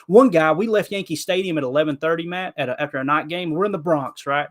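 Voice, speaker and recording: A man from Kentucky with a Southern accent tells stories on a podcast with lively, animated energy. His voice is fairly high for a man. He peppers his talk with "bro" and "man". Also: quick pace, few pauses. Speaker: podcast co-host. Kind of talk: casual podcast storytelling.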